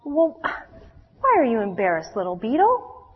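A woman voicing a kind, wise female cat in a storybook read-aloud, speaking gently and reassuringly. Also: on the high side, huge pitch swings, measured pace, slightly rough, in a large hall, phone-quality sound, heavily acted. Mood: curious.

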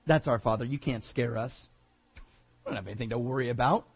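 A man's voice: mid-range voice, fairly quick, slightly rough, highs cut off, faint music behind, voice pushed down. A man voicing a smug group of proud men who boast about their lineage, in a dismissive tone. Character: smug proud first-century Jewish men.

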